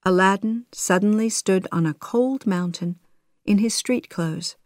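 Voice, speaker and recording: A woman reading a children's story aloud, slow and deliberate. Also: medium pitch, darkish tone, no room sound, clean studio sound. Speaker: storybook narrator.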